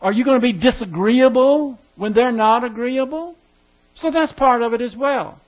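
A man's voice: extremely high pitch, normal speed. A man teaching a class in a conversational way, putting questions to his listeners. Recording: dull lo-fi recording.

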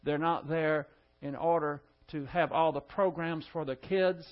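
A man's voice: fairly high pitch, fairly even intonation, a little slow, highs cut off. A male pastor giving an expository Bible lesson, methodically explaining the word order of the Greek text.

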